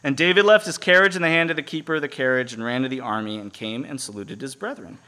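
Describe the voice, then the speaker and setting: A man preaching a sermon who reads scripture aloud and explains it in casual, animated paraphrase, asking the audience to fill in words. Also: medium pitch, fast talker.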